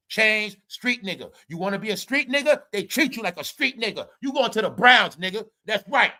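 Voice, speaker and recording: Loud profane ranting male commentator. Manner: profane, mocking, swings between loud and low. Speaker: commentary show host. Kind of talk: ranting celebrity gossip commentary.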